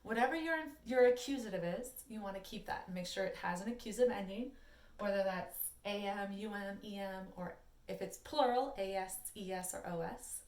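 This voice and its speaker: A young adult woman teaching a Latin lesson in a chatty, animated way, with sing-song recaps. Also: medium pitch, fairly quick. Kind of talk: classroom video lesson. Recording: echoey room, mic at a distance.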